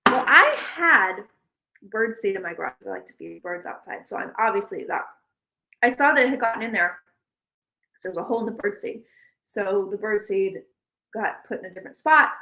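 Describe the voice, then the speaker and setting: Woman, livestream host, casual rambling chat, animated storytelling, bright tone. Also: mid-range voice, low-quality recording.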